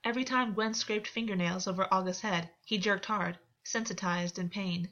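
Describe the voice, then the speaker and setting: A woman narrates a novel in a steady, measured way. Her voice sits in a middle pitch range. The recording is slightly muffled and lo-fi. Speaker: audiobook narrator. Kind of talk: scripted fiction narration.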